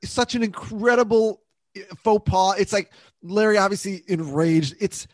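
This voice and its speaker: A man's voice: high-pitched, measured pace, no echo. A man co-hosting a podcast, chatting casually and animatedly about a TV episode, laughing often. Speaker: podcast co-host. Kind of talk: casual chat recapping a TV episode.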